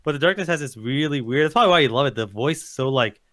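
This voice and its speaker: A man's voice: mid-range voice, lively intonation, rapid-fire, fairly bright tone. A man co-hosting a casual live-stream chat, matter-of-fact, explaining and plugging events. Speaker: podcast co-host.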